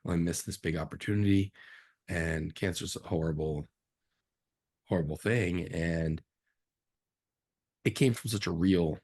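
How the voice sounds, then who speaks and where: A man, a film director as guest, telling stories from his career in a casual, animated interview. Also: sits low, breathy edge. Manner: animated, acts out quotes in a raised voice.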